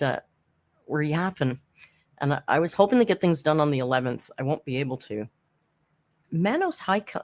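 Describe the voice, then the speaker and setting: A woman from Canada hosting a casual live stream from home, chatty and laughing often as she tells stories with dark humor. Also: sits low. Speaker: YouTube commentary host. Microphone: headphones with desk mic.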